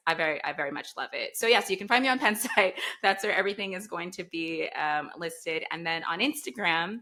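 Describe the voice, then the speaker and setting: A young woman talks as a guest coach in an earnest, effusive way. Her voice is bright and forceful and sits a little low. She speaks openly and with feeling. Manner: earnest, effusive, gets teary. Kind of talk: emotional interview talk.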